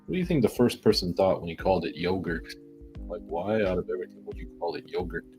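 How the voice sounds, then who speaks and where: A man's voice: deep voice, expressive, fast talker, over music. A young man chatting casually on a livestream, rambling and joking with plenty of profanity.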